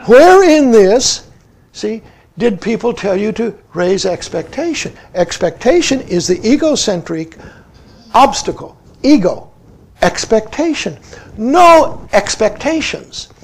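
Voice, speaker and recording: A Zen teacher in his seventies speaks slowly in a very high, gravelly voice. His pitch moves a lot as he asks his listeners questions, and he drops "see" into nearly every sentence. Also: sing-song. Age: 70s. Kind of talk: dharma talk.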